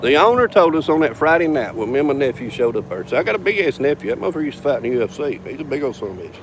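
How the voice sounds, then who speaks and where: A man's voice: fairly high pitch, big pitch swings, very fast, background noise. A man telling a bar story casually, drawling, swearing freely and chuckling between lines.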